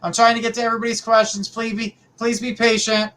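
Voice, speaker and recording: A middle-aged man hosts a live psychic reading stream, talking casually and warmly with viewers, whom he calls sweetheart and honey. His voice sits high and comes across bright and forceful at a moderate pace. He's a chatty psychic reader and livestream host.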